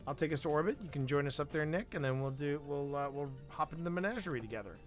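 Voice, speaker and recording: A man hosting a live gaming stream, chatting casually and breaking into laughing asides and quick self-corrections. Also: on the high side, lively intonation, soft background music. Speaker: stream host.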